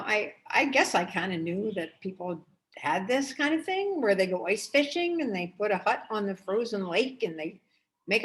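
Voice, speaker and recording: A woman's voice: medium pitch, low-quality recording. A middle-aged woman hosting a casual painting tutorial, chatty and upbeat, often rambling with "anyway" and "um". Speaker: art teacher and host.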